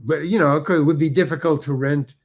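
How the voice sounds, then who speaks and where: A man's voice: fairly high pitch, fairly even intonation, brisk. An older man, a guest actor, telling rambling anecdotes with restarts and acted-out quotes. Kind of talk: anecdotal storytelling.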